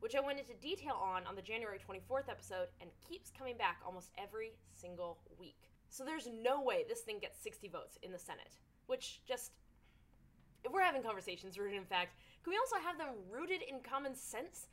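A young woman hosting a scripted commentary show, talking in an animated, sarcastic way. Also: a little high, fairly quick. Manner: animated, sarcastic, puts on silly voices for jokes. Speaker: host.

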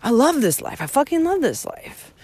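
A woman's voice: high-pitched, normal speed, dry recording. A young woman talking into her phone while hiking outdoors, blunt and foul-mouthed, out of breath from climbing. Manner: blunt, heavy swearing, animated rants. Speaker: vlogger hiking the Camino. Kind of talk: casual walking vlog monologue. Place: outdoors on a rural trail. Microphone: phone held while walking.

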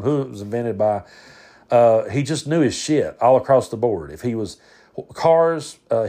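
A podcast host with a medium-pitched, slightly mellow voice tells stories in a casual monologue. He rambles, repeats words, and frequently restarts.

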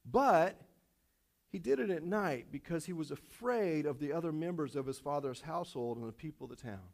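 A man preaching in a church sanctuary, his voice pitched high for a man and swinging between rising intensity and quiet lows. He repeats phrases for emphasis and slips in wry asides to the congregation. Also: moderate pace, creaky. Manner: animated, repetitive, with self-aware jokes. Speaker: pastor. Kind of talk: sermon.

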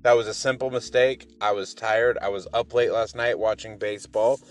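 A man's voice: on the low side, steady tone, moderate pace. A man hosting his morning podcast, talking casually in an upbeat, rambling, motivational way over faint music. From Pacific Northwest. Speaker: podcast host.

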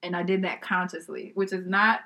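A woman telling a personal story in casual conversation, lively and laughing often, acting out what people said. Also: fairly low pitch, moderate pace. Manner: lively, laughs often, acts out quoted dialogue.

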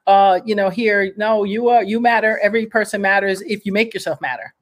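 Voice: mid-range voice, brisk. Upbeat, encouraging interview host. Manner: upbeat, encouraging, preachy asides. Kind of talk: casual conversation.

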